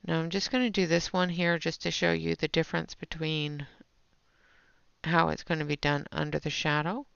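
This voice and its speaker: A woman's voice: low-pitched, little pitch movement, moderate pace, creaky, fairly bright tone, clear, resonant tone, no room sound. A woman hosting a live colouring stream, chatting casually with viewers while she works. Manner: chatty, talks to viewers in chat while working. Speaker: livestream host. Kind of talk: casual livestream chat while demonstrating colouring. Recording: dull lo-fi stream audio.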